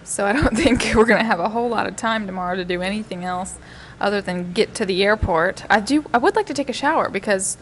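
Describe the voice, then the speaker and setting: A woman's voice: medium pitch, fast talker, slight background noise. A woman from the northern US with a northern accent, a podcast guest chatting in a self-deprecating, laughing way in a restaurant. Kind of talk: casual chat.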